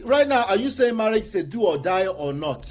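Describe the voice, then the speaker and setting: High-voiced emphatic Nigerian man. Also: big pitch swings, brisk, faint music behind. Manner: emphatic, repeats points to press them. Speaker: host. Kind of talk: heated panel debate.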